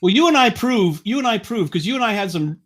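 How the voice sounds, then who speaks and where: Blunt, swearing man with a high voice. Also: lively intonation, quick pace, fairly bright tone. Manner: blunt, profane, rambling. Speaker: guest. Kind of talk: casual political chat.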